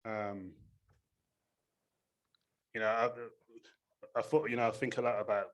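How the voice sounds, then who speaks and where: A man attending a workshop, asking a question haltingly with many pauses and fillers. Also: fairly low pitch, fairly even intonation.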